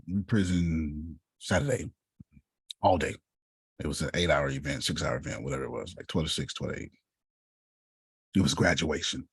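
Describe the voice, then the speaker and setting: Low husky man giving a motivational talk. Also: no echo, clean studio sound. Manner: animated storytelling, calls listeners by name. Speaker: speaker coaching authors.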